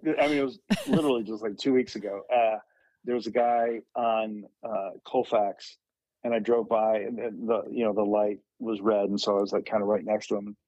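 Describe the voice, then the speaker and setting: A middle-aged man, a guest on a podcast, telling stories in a halting way full of fillers. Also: lowish voice, steady tone, dark tone, no echo, dull audio. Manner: halting anecdotal storytelling with many fillers. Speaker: podcast guest, mental health advocate. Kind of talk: casual conversation, storytelling.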